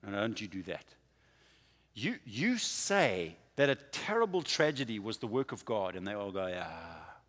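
A man preaching a sermon, with a dramatic delivery that swings from quiet to loud. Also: lowish voice, very animated, unhurried, big-room sound. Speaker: pastor.

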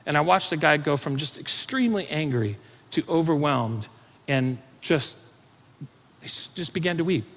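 Animated preaching man in reverberant hall. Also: fairly high pitch, normal speed. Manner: conversational, animated storytelling with laughs. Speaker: pastor. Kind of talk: sermon with storytelling.

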